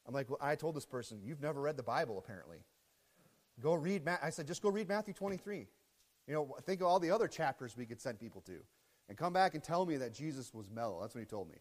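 A man preaching a sermon with fervor, reading scripture loudly and often checking in with the congregation. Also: medium pitch, expressive, fairly quick, in a large hall. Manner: fervent preaching, reads scripture loudly, checks in with "okay?" and "right?". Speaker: pastor.

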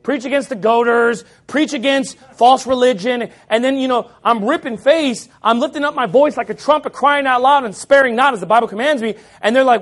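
High-voiced man preaching a loud sermon. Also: fast talker, hardly any pauses. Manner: loud, forceful preaching with mocking quoted voices. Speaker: pastor.

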